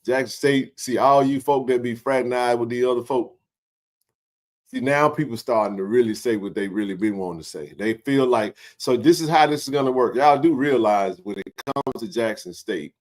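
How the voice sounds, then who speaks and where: A man's voice: mid-range voice, normal speed. Joking male talk host. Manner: animated, joking, colloquial. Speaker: sports talk show host. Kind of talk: casual livestream chat.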